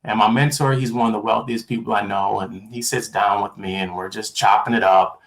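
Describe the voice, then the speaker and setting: A man's voice: fairly low pitch, fairly even intonation, a little fast, creaky. A middle-aged man giving a motivational talk. He repeats key lines for effect and acts out quoted dialogue in a livelier voice. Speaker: motivational speaker.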